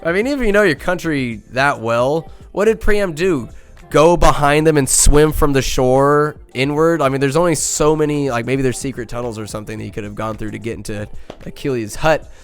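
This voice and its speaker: A man's voice: mid-range voice, a little fast, smooth. A man hosts his podcast with a loose, joking movie recap, rambling through fillers and crude asides. His voice sits in an ordinary middle range. Faint music plays underneath. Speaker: podcast host. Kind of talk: casual comic movie recap.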